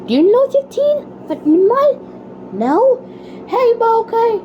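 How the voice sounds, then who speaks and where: A woman hosting a homemade cartoon contest, excitable and dramatic, with sudden outbursts. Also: extremely high pitch, a little slow, dull audio, a little hiss or hum.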